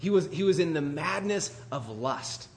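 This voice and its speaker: A man preaching a conversational sermon in an animated, chatty way, full of asides to the congregation. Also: a little high, normal speed.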